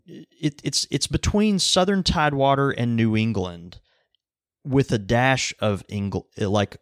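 A man's voice: medium pitch, expressive, a little slow, dry recording, clean studio sound. A man co-hosting a podcast, explaining things casually with self-deprecating humor. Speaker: podcast co-host. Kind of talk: casual chat.

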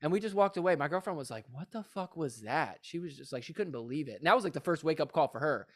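A man's voice: on the high side, very fast. A man who is a guest on a podcast, chatting casually, swearing and laughing as he retells a story with energy. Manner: profane, laughing, animated retelling. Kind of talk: casual chat.

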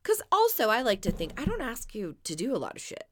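A woman co-hosting a podcast in casual chat, telling stories in an animated, profane way. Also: a little high, fast talker, a little hiss or hum. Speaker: podcast co-host.

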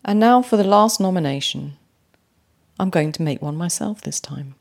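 A woman hosting a poetry podcast, speaking with warm enthusiasm and slowing down to savour lines read aloud. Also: lowish voice, creaky. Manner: animated, slows right down to read poems aloud. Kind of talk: podcast commentary on haiku.

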